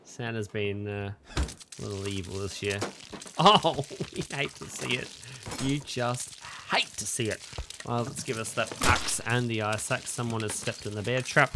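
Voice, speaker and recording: A young man streams a game and comments loosely as he plays, joking and chuckling to himself. His voice sits in an ordinary middle pitch, and the game audio hisses clearly beneath him. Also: normal speed. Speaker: gaming streamer. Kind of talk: casual gameplay commentary.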